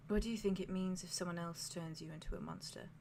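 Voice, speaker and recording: A woman voicing an ancient, calm spirit of death in a tabletop game, speaking softly and slowly. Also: lowish voice, slight background noise. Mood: probing. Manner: soft, slow and hushed.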